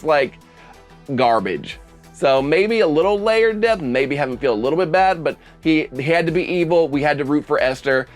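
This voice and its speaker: A young man giving a casual, animated horror movie review with sarcastic asides. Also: fairly high pitch. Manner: animated, sarcastic asides with mocking put-on quotes. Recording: faint background music.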